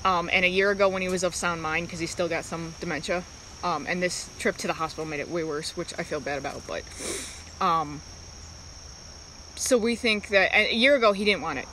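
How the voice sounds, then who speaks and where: A woman chatting casually on a live stream, talking in halting, rambling stretches and breaking off to greet viewers by name. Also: lowish voice, bright, forceful tone, slight background noise, rough recording.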